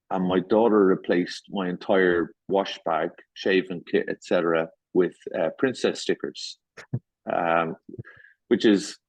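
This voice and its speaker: A middle-aged man with a low, husky voice, spinning playful anecdotes in a casual podcast chat. The recording is dry and a little muffled. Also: no echo. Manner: playful storyteller, animated retelling. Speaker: guest host. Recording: muffled lo-fi sound.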